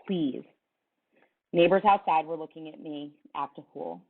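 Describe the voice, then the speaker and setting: A woman teacher reading a novel aloud to her class, with an expressive delivery. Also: low-pitched, normal speed, creaky. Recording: tinny phone-like sound.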